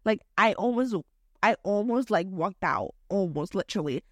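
A woman's voice: mid-range voice, normal speed, no room sound. Chatty young woman, dry close sound. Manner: chatty, slangy and expressive, jumping between topics. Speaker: podcast host. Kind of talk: casual solo podcast chat.

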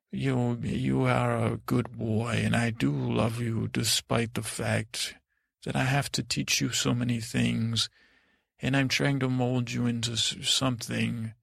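A worried, controlling royal mother asks gentle, probing questions, as a man puts her on. The voice is heavily gravelly, with a deep fry running through it. It sounds dry and close, with no room around it. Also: little pitch movement, slow, no room sound, exaggerated voice. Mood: coaxing, worried.

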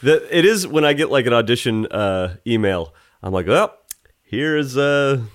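A man's voice: mid-range voice, expressive, normal speed. A man co-hosting a podcast, playful and making puns in casual chat. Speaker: podcast co-host.

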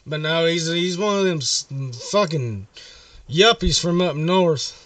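A man's voice: fairly high pitch, a little slow, a bit bright, no room sound, distant mic. A man making a rambling, profane prank phone call. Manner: rambling, profane, mock-friendly. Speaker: prank caller.

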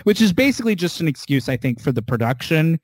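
A man casually retelling a television episode scene by scene as a podcast co-host, animated and swearing now and then. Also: on the high side, fast talker, dry recording.

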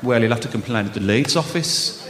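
A man's voice: mid-range voice, brisk, in a large hall, voice pushed down, lightly acted. A man voicing a weary, fed-up middle-aged female office clerk with a Birmingham accent, recorded live with a ringing room and audience noise. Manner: fed-up, droning.

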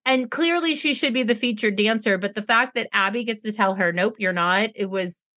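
A woman co-hosting a podcast, casually recapping a reality show in an animated, profane way, mimicking people and laughing often. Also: medium pitch, normal speed, no echo. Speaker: podcast co-host.

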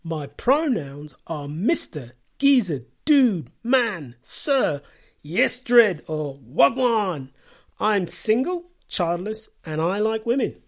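Male comic, dry self-deprecating delivery, very animated pitch. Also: slow pace. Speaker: comedian. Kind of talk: comedy podcast monologue.

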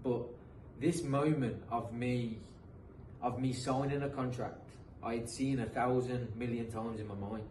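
A man's voice: mid-range voice, steady tone, unhurried, darkish tone. An earnest British man in his thirties tells his football story in a loose, conversational way, restarting phrases as he goes. He sits a little back from the mic in an echoey room with a faint hiss behind him. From England. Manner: earnest, motivational, frequent restarts. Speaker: guest, professional footballer. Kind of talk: casual interview storytelling. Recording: roomy echo, distant mic, faint noise.

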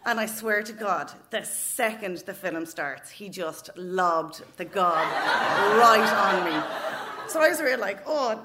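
A woman's voice: mid-range voice, lively intonation, a little slow. A woman in her thirties with an Irish accent, telling a funny story at a live open mic night, frank and swearing freely. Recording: noisy live venue recording.

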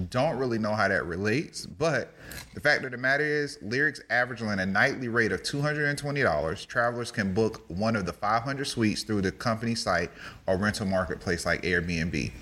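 A man co-hosting a casual news talk show, animated and joking, with plenty of slang. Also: lowish voice, moderate pace. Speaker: podcast co-host.

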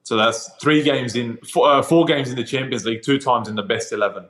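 Animated Australian man telling stories. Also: medium pitch, fairly quick. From Sydney, Australia. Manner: animated, laughing, slangy with "mate" and "bro". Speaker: guest, professional footballer. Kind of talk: casual storytelling interview.

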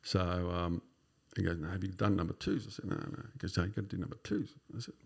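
A man's voice: low voice, lively intonation, fast, gravelly, breathy edge. A man, a podcast guest casually telling stories, swearing freely and tagging his sentences with "right?". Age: 50s. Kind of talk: casual storytelling chat.

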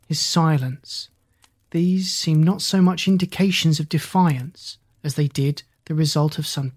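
A man reading a hard-boiled crime story aloud in a measured storytelling voice. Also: on the high side. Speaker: narrator. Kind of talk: audiobook narration.

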